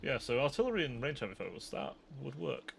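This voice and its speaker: A man's voice: mid-range voice, very animated, fairly quick, vocal fry, slight background noise. A British man live-streaming a strategy game, chatting and thinking aloud, often cutting himself off mid-thought. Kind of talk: live gameplay commentary.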